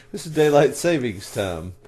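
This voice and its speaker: A man's voice: mid-range voice, very animated, a little mellow. A man from the United States co-hosting a casual podcast, joking around and laughing often. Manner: jokey, laughs often, quick asides. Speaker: podcast co-host. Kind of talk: casual chat.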